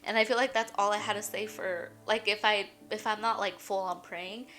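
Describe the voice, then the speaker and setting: A woman's voice: medium pitch, steady tone, normal speed, bright, forceful tone. A young woman sharing an emotional faith testimony in a rambling, chatty way, shaky and near tears at times. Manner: tearful, breaks into shaky laughs and crying; rambling, full of "like" and "you guys". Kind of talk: emotional personal testimony vlog.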